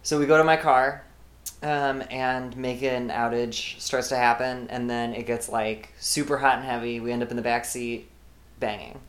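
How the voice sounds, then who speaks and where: A woman's voice: very deep voice, little pitch movement, moderate pace, echoey room. A woman guest on a podcast, telling a candid story in casual chat and joking as she goes. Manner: candid, joking, trails off and restarts.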